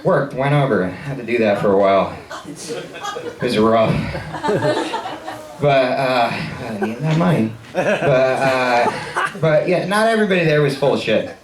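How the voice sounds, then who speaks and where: A man's voice: medium pitch, lively intonation, unhurried, long pauses, echoey room, distant mic, crowd noise, rough recording. A man performing a stand-up comedy set, telling stories and acting out the people in them. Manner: storytelling, acts out people's voices. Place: comedy showcase stage with audience. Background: audience laughter.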